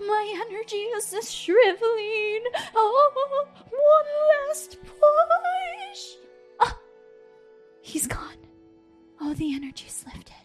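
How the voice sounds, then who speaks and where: A woman's voice: extremely high pitch, very animated, soft background music, voice pushed up, full character voice. A woman imitating a theatrical trance medium. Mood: climactic. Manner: slow, drawn-out, mystical.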